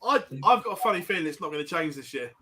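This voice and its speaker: A man's voice: a little high, lively intonation, fast, pushed and bright. A man with an English accent hosting a casual chat, chatty and laughing often as he steers the topics. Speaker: podcast host. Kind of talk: casual banter.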